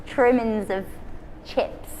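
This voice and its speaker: A woman's voice: a little high, fairly even intonation, takes it slowly, mellow, long reverb tail, slight background noise, poor audio. A woman from England co-hosting a salon livestream, chatting in a giggly way and reading out viewer comments. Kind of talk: casual chat.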